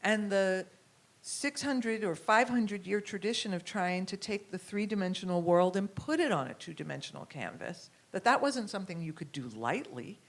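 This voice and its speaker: Reflective American woman curator. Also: medium pitch. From United States. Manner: reflective, thinks aloud with fillers and restarts. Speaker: curator and writer, guest. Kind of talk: conversational interview talk.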